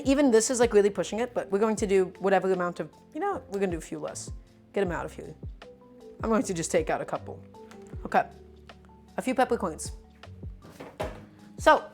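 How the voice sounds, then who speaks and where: A woman streaming a live cooking demonstration, talking animatedly to viewers as her friends and repeating her points with emphasis. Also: medium pitch. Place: home kitchen.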